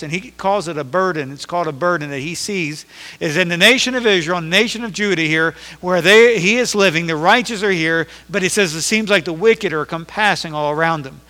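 A man's voice: sits high, pushed and bright. A man preaching a sermon as pastor, reading scripture aloud and growing emphatic as he preaches. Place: church sanctuary. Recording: echoey hall reverb.

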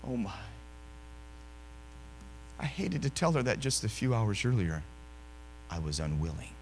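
A male preacher delivering a sermon, telling a story animatedly and swinging from loud to hushed. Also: fairly low pitch, sing-song, a little slow, big-room sound, slight background noise.

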